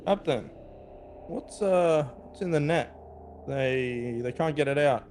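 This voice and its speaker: A man's voice: fairly high pitch, takes it slowly, a little mellow, slight background noise. A man playing a tabletop game, asking questions in a matter-of-fact way as his character. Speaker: player.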